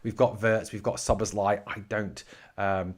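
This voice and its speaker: A man's voice: on the low side, steady tone, measured pace, breathy edge. A man from northeast England hosting a solo podcast, giving blunt opinions and answering live chat with swearing. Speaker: podcast host.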